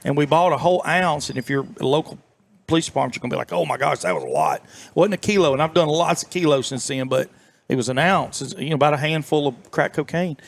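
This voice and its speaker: A man's voice: fairly high pitch, fast talker. A middle-aged man, telling rambling, folksy stories as an interview guest. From southern United States. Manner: folksy, rambling, many fillers and restarts. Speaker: interview guest, former FBI agent. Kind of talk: storytelling in a casual interview.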